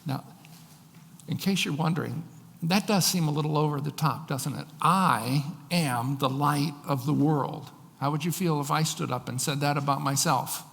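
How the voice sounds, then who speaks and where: A male pastor preaching a sermon, slowing down to read scripture with emphasis. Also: on the high side, creaky, long reverb tail.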